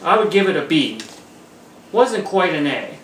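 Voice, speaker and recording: Man, casual movie review host, higher-pitched, relaxed chatty delivery, roomy echo, distant mic with faint hiss. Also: unhurried. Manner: chatty, relaxed, laughs between points. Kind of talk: casual home video review. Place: room at home by a table.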